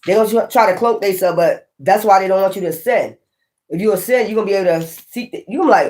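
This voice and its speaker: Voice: mid-range voice, expressive, fairly quick. A tarot reader doing a casual spiritual reading, talking straight to viewers in a blunt, emphatic, profane and preachy way. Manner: preachy, addresses viewers directly.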